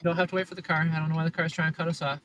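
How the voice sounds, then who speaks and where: A man's voice: a little high, flat delivery, rapid-fire, a bit bright, slight background noise, poor audio. A man livestreaming casual, sarcastic commentary from inside his car as he drives city streets, complaining about other drivers.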